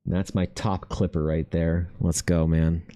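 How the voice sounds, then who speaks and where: A man's voice: deep voice, level tone, measured pace, dark tone, clean tone. A man streaming while he draws, chatting in a rambling, profane, self-mocking way. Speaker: art streamer. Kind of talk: casual chat while drawing.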